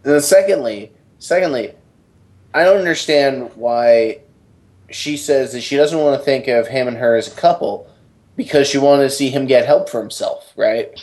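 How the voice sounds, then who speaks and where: A man's voice: mid-range voice, normal speed, a little mellow. A man co-hosting a comedy podcast, arguing his points sarcastically in casual chat. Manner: argumentative, sarcastic, swearing. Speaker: podcast co-host.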